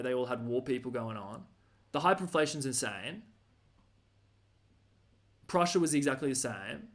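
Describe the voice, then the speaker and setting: An Australian man ranting casually, rambling and slangy with lots of fillers and restarts. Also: a little high.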